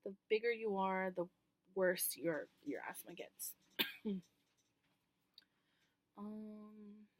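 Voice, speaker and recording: A woman's voice: mid-range voice, no room sound. A woman vlogger talking candidly to camera in a casual, rambling way, with many ums and casual swearing.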